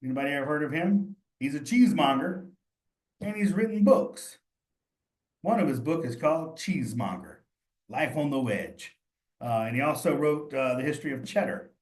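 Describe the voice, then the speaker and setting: A man's voice: fairly high pitch, expressive, normal speed, a little mellow. A man leading a live study session, thinking aloud and talking straight to his students in a chatty, encouraging way. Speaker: cheese instructor. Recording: roomy echo.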